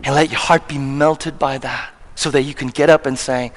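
A man's voice: mid-range voice, fairly even intonation, moderate pace. A man preaching a sermon as pastor to his congregation, conversational and emphatic, often asking the room questions. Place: church hall with congregation. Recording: long reverb of a church hall.

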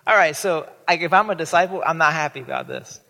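Male pastor, higher voice, animated sermon delivery, church hall reverb. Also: fast, gravelly. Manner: animated, acts out quoted voices with big pitch jumps.

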